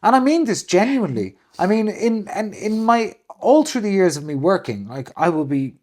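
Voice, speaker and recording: A man chatting casually as a co-host, with a very lively, swooping voice. He talks animatedly and leaps into high, exaggerated voices whenever he quotes someone. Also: normal speed. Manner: animated, swings into big high voices when quoting people. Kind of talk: casual chat.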